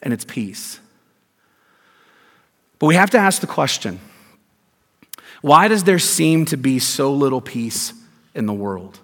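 A man preaching a sermon as pastor, emphatic, with rhetorical questions and deliberate stresses. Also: medium pitch, animated, a bit bright. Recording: long hall reverb.

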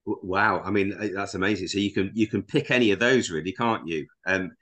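A man's voice: sits low, fairly quick, a bit bright. A man hosting a podcast, asking questions with eager enthusiasm and stumbling over repeated words. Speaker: podcast host. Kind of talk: casual interview chat.

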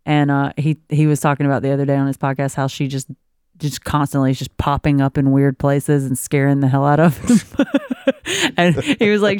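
A woman's voice: a bass voice, fairly even intonation, fairly quick, darkish tone, clean tone, dry recording, studio quality. A woman co-hosting a casual podcast, reading parenting advice aloud and breaking off into laughing asides. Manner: reads aloud then riffs with laughing asides. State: expecting a baby. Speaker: podcast co-host.

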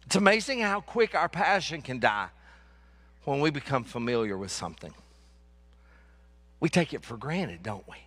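A male pastor preaching a sermon, animated and joking, repeating lines for emphasis. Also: mid-range voice, moderate pace, pauses often.

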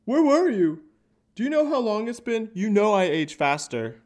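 A man's voice: high voice, big pitch swings, normal speed, darkish tone, pitched above the performer's own voice. A man voicing a dog who scolds and guilt-trips like a fretful mother, with a stuffy cold. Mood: scolding.

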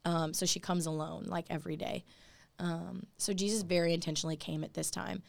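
A young woman talks earnestly on a podcast, leaning on "like" as she goes. Her voice sits a little low with a gravelly fry. The sound is dry and close. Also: flat delivery, fairly quick, dry recording. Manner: earnest, many "like" fillers. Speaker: podcast co-host. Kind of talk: casual faith podcast chat.

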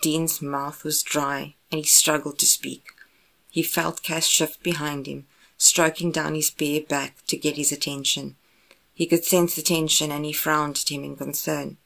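Woman narrating a romance story, low voice, steady unhurried reading. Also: creaky. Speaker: audiobook narrator. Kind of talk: scripted narration of romance fan fiction.

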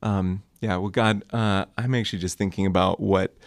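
A man, a young adults pastor, speaking softly with many ums and easy laughs, then praying aloud. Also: low-pitched, fairly even intonation, moderate pace. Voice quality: velvety voice. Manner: soft-spoken, many ums, laughs easily. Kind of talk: relaxed podcast conversation and spoken prayer.

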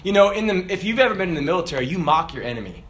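A man preaching a sermon, animated, swinging from loud shouted peaks to soft low asides. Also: very fast.

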